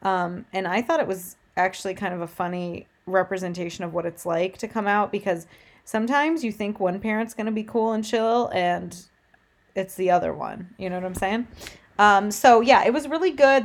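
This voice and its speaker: A woman's voice: mid-range voice, moderate pace. A woman with a Michigan accent co-hosting a casual chat, enthusiastic and casually swearing. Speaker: podcast co-host.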